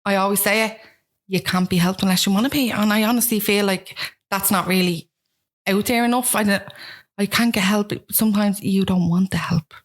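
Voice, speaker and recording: This young woman from Ballymun in Dublin talks briskly with a medium pitch and fairly even intonation. As an interview guest, she tells candid family stories conversationally, restarting often and using "like" a lot.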